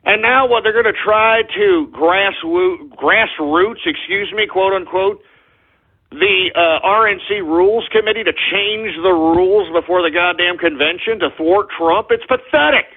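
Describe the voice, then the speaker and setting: Angry talk radio guy ranting, highish husky voice, sounds like over a phone line. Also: unhurried. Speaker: radio show host. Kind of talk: political talk radio rant. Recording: tinny phone-like audio.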